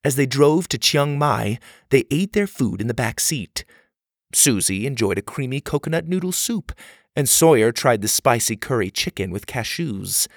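A man reading a children's adventure story aloud, animated and expressive. His voice is gravelly and swings widely in pitch. The recording is close and dry. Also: moderate pace, no echo. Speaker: narrator.

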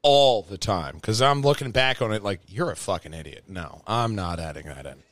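A man hosting a podcast in casual chat, animated and swearing freely, with loud bursts when excited. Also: on the low side, moderate pace, no echo. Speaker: podcast host.

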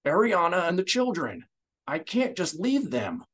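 A man's voice: mid-range voice, lively intonation, moderate pace, fairly bright tone, voice pushed up, natural voice. Man voicing a desperate, grieving senator. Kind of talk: audiobook character voice.

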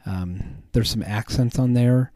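A man's voice: medium pitch, slow pace, mellow, no echo. A man hosting a podcast, chatting casually in a rambling way with many ums and restarts. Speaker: podcast host. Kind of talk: casual chat.

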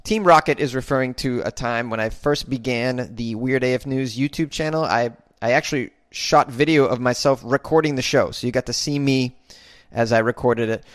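A man's voice: medium pitch, no room sound, clean studio sound. A man hosting his own podcast, chatting casually and self-deprecatingly as he answers listener comments. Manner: rambling, self-deprecating, with halting restarts. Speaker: podcast host.

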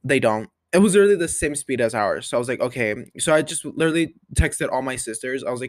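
A man's voice: medium pitch, animated, fast talker, hardly any pauses, dry recording, studio quality. A young man hosting a casual solo podcast, chatty and bubbly, rambling with playful asides. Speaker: podcast host. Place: bedroom with the window open.

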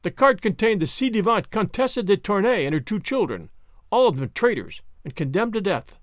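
A man voicing an alarmed guard captain who arrives breathless and hurried. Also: sits high, very animated, dry recording, clean studio sound, pitched above the performer's own voice. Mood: urgent.

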